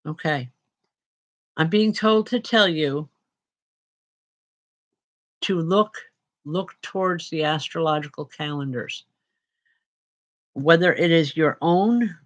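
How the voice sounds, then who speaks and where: A tired woman medium giving live spirit readings to viewers, chatty and unhurried with frequent restarts. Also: on the low side.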